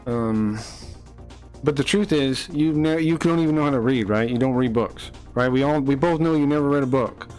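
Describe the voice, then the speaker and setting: A man's voice: medium pitch, moderate pace, a little mellow, soft background music. A man streaming, ranting at his chat in a blunt, profane, mocking way and repeating himself when heated. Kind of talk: livestream chat rant.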